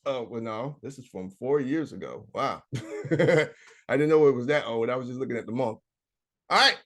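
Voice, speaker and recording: High-voiced casual online business coach. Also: male voice. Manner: casual, talks to viewers directly, reads notes aloud. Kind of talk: live screen-share coaching session.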